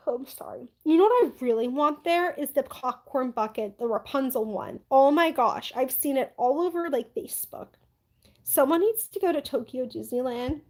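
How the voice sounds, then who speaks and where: Bubbly high-voiced woman live streamer. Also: poor audio. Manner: chatty, bubbly, many "like" fillers, yawning. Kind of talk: casual live stream chat reading comments.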